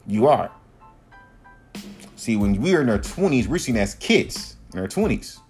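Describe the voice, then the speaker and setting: Man in his thirties, mid-pitched, heated and profane podcast ranter, faint music underneath. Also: a little slow. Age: 30s. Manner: profane, heated, animated storytelling. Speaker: podcast host. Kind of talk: casual monologue rant.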